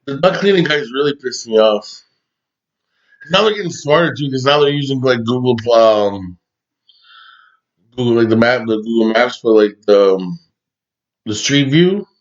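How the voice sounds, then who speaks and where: A man's voice: mid-range voice, expressive, moderate pace, pauses often. A man co-hosting a casual podcast, joking about scam calls and swearing freely. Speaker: podcast co-host. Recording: dull lo-fi sound.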